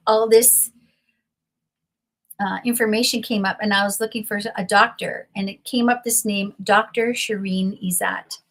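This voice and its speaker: A middle-aged woman telling a personal story as an interview guest over a video call from home, earnest and emotional, wandering as she talks. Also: mid-range voice. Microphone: computer mic on a video call.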